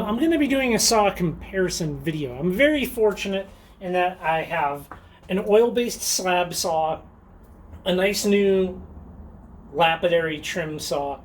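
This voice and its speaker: A man with a high voice hosts a rockhounding channel, presenting a casual show-and-tell vlog. He's chatty and enthusiastic, with frequent ums and little laughs, and there's slight background noise.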